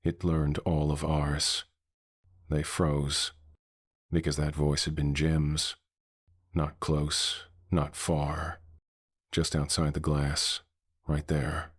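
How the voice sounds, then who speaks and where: Male horror narrator, extremely deep, husky, measured and ominous. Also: monotone, no room sound, studio quality. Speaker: horror storyteller.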